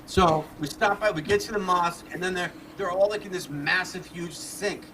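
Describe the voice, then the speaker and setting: A man appearing as a guest on a live show tells a long, rambling story casually, full of fillers and laughter, while talking through a mask. His voice sits high and he speaks at normal speed against a noisy background.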